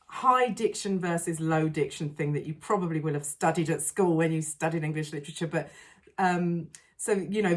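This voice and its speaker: Woman cohost, lowish voice, excited and giggly, tons of ums. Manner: enthusiastic, giggly, lots of fillers. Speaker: podcast co-host. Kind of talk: casual film discussion.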